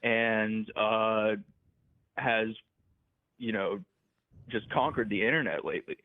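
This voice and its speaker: A man bantering playfully with the host, halting and full of fillers. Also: lowish voice. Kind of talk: casual banter. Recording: tinny phone line.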